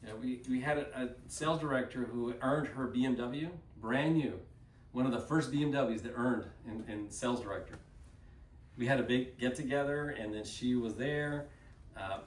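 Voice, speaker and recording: Lively man telling stories in a roomy hall. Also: mid-range voice. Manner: animated, laughs often, acts out quoted voices. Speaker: group presenter. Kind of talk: casual storytelling talk to a group. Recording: roomy sound from a distant mic, faint noise.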